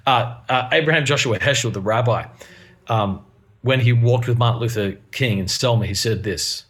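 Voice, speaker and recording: A man's voice: medium pitch, moderate pace, slightly rough. A middle-aged man, a pastor talking earnestly and animatedly in a casual podcast interview. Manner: earnest, animated storytelling with laughs. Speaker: pastor and guest.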